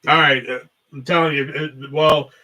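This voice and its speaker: A man hosts a loose livestream chat in a bright, forceful voice that sits a little high. He rambles from thought to thought and swears freely. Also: steady tone, normal speed. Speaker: host.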